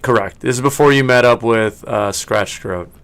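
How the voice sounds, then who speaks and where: A man's voice: medium pitch, moderate pace, fairly bright tone, smooth. A man narrating as game master of a tabletop role-playing game, chatty and rambling, with many fillers and laughs.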